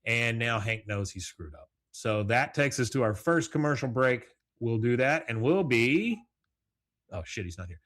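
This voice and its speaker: A man's voice: mid-range voice, lively intonation, normal speed, fairly bright tone. A man hosting a podcast alone, casually recapping an episode and acting out the characters' lines with laughs. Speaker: podcast host. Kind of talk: casual solo recap with quoted voices.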